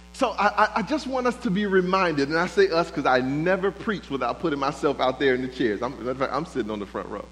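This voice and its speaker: A man's voice: fairly high pitch, animated, fast talker, hardly any pauses, fairly bright tone, poor audio. A man preaching a sermon, building rhythm through repeated phrases and speaking God's words in quotes. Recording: faint mains hum.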